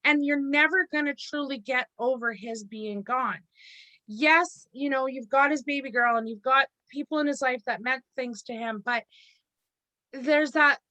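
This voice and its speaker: A woman's voice: high-pitched, sharp tone, dry recording, rough recording. A woman giving a live mediumship reading, blunt and lecturing, with casual swearing.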